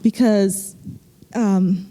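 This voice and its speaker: A woman's voice: mid-range voice, steady tone, extremely slow, dark tone. A woman from the U.S. Virgin Islands in casual conversation on a panel, earnestly telling a story from her own life.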